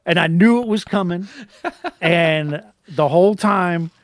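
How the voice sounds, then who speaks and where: A man co-hosting a podcast, excitedly retelling movie scenes in casual chat, swearing as he goes. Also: high voice, a little slow, no room sound. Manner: gravelly, profane, excitable retelling. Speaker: podcast co-host.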